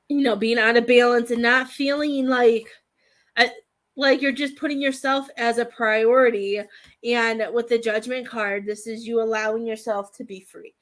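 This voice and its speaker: A slightly high, steady-toned woman's voice at a moderate pace delivers a live-stream tarot reading as a medium. She tends to ramble and falter, relying on "I feel like," and occasionally turns emotional and tearful.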